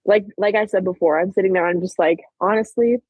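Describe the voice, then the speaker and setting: A young woman in her late teens, a podcast guest, chatting and retelling events in a lively way full of "like". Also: mid-range voice, fairly quick, husky, no echo, narrow, tinny audio. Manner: chatty, peppered with "like", animated retelling. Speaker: podcast guest, track athlete. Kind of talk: casual storytelling interview.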